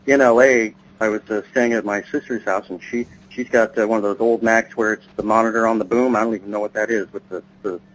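A man co-hosting a podcast chats casually, telling long rambling stories in a low-ish voice with fairly even intonation. He talks a little fast with few pauses, and the recording has a dull lo-fi sound with a faint hum.

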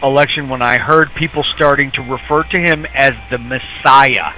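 A man's voice: mid-range voice, moderate pace, bright, forceful tone, slight background noise, rough recording. A middle-aged man co-hosting a casual chat, rambling and sarcastic, chuckling as he tells stories. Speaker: podcast co-host.

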